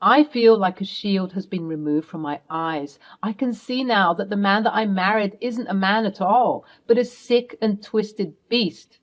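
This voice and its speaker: A woman's voice: mid-range voice, measured pace, hardly any pauses, lightly acted. A woman voicing a protective middle-aged mother who confronts her husband firmly. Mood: confiding. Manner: firm, accusing, commanding.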